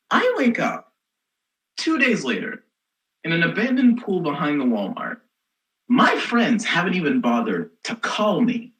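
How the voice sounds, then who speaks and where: A young woman playing a snarky rebellious teen girl in a comic stage monologue, sarcastic and exasperated, with a lively voice. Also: on the low side, takes it slowly, pauses often, full character voice, rough recording. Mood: sardonic. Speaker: student actor.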